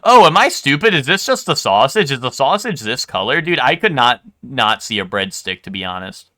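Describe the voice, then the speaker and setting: Man, live streamer, bright voice, casual hesitant chat, lots of ums. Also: medium pitch, sing-song, normal speed. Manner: chatty, hesitant, stumbles over foreign words.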